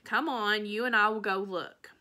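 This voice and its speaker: A woman voicing a calm, kindly male preacher in a storybook read-aloud, speaking gently. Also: medium pitch, moderate pace, natural voice. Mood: gentle.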